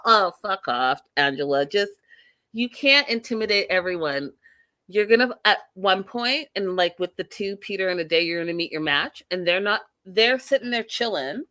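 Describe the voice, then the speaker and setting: Bright-voiced lady host ranting about a tv episode, blunt and cussing, talks right to viewers. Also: medium pitch, moderate pace. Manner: blunt, opinionated, swears freely; animated, talks directly to viewers. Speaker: recap show host. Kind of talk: casual recap commentary.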